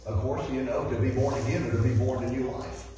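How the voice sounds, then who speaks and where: A man's voice: mid-range voice, steady tone, fast, dark tone, a little hiss or hum. Echoey preacher man from afar. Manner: repeats key phrases and reads scripture aloud. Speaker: guest preacher. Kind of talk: sermon. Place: church sanctuary. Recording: echoey hall, voice from far off.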